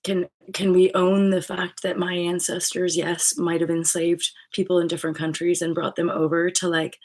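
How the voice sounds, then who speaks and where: A woman's voice: on the low side, little pitch movement, normal speed. A woman hosting her own channel, talking in a rambling, casual spiritual monologue full of fillers, restarts and swearing. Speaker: channel host.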